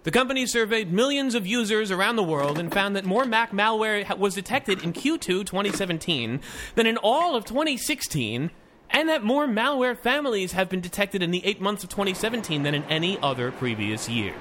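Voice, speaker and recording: Casual talk from a man with a fairly high voice, host of a tech podcast, reading the news in an easygoing way and breaking off for asides. There is a clear hiss of noise under his voice. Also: expressive, a little fast, a bit bright. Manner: reads news items with loose asides, restarts and fillers.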